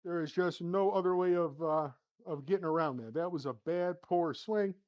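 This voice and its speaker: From his home golf simulator studio, a sim golf channel host gives casual play-by-play of his own round, shot by shot. He mutters to himself and swings between flustered and upbeat, his slightly high voice at a normal speed on a lo-fi recording.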